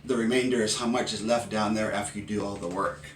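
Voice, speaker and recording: A middle-aged man, a math consultant, demonstrating a teaching routine and punctuating each math term with a loud karate grunt. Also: lowish voice, fairly even intonation, fast talker, slight background noise. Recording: roomy sound, mic at a distance.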